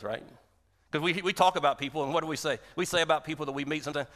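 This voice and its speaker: A man's voice: fairly high pitch, fast, a bit bright. A man preaching a sermon as pastor, with an emphatic delivery that leans hard on repeated phrases. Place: church sanctuary. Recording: long hall reverb.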